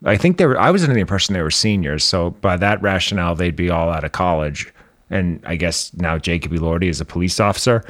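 A man's voice: low voice, lively intonation, fast talker, fairly bright tone, dry recording, clean studio sound. A man co-hosting a podcast in loose, joking casual chat. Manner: joking, loose, lots of fillers. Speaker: podcast co-host.

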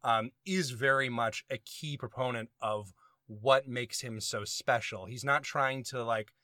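A man from the South, a podcast co-host telling lively stories and laughing as he talks. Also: medium pitch, measured pace, no echo, clean studio sound. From American South. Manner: lively storyteller, laughs while talking. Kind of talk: casual conversation about opera.

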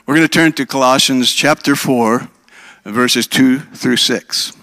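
A man in his sixties from Minnesota preaches a sermon, easy and conversational, often asking the congregation questions. His voice sits at an ordinary pitch and sounds dry and close to the mic. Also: measured pace, pushed and bright, dry recording. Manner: conversational, asks the audience questions. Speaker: pastor.

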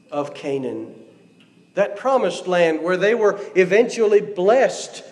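A man's voice: high-pitched, darkish tone. A man preaching a sermon in a church, reading scripture aloud and putting questions to the congregation. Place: church sanctuary. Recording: long hall reverb.

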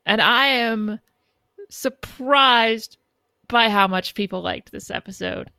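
A woman co-hosting a casual fan podcast, giving slow, measured criticism and laughing easily. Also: on the high side, gravelly, bright, forceful tone, clean tone, no echo. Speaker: podcast co-host.

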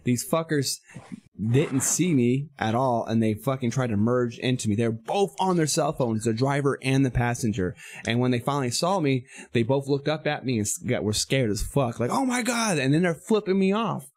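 A man's voice: medium pitch, normal speed. A man hosting a podcast, telling a profane road-rage story with lots of swearing and quoted back-and-forth. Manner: profane, animated storytelling, acts out quoted voices. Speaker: podcast host. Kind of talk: casual podcast chat.

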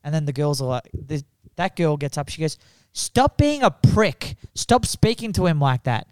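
A comedian telling a story in casual chat, acting out the people in it and laughing often. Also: male voice, a little high, expressive, fairly quick, darkish tone, clean tone, no echo, studio quality.

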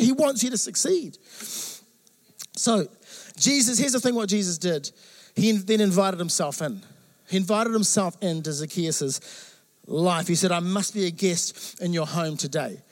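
A man with a remarkably high voice delivers a sermon as the pastor. He tells stories with animated, acted-out quotes and jokes. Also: normal speed.

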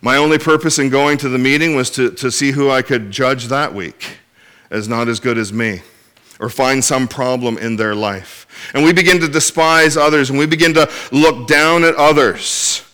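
A man's voice: medium pitch, moderate pace, sharp tone. A man preaching a sermon as pastor, earnest and direct with the congregation, often restarting his phrases. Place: church in Inverness.

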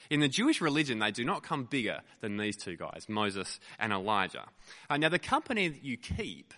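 A male pastor preaching a sermon, telling stories in an animated way with frequent fillers, in a lecture theatre used as a church. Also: mid-range voice, long reverb tail. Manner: animated storytelling with many fillers.

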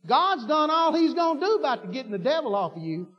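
A man preaching a sermon, folksy and fervent, repeating himself and building to shouts. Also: extremely high pitch, big pitch swings, quick pace. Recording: dull lo-fi recording with long hall reverb.

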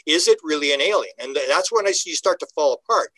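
Male interview guest, bright forceful tone, slightly high, dry close sound, animated storyteller. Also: quick pace, no room sound, rough recording. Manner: acts out the voices of the people he quotes, with lively pitch jumps.

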